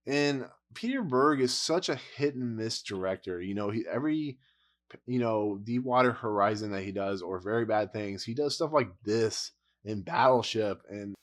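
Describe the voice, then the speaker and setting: A man's voice: medium pitch, animated, moderate pace. A man giving a casual, blunt movie review rant, exasperated and rambling, with frequent laughs.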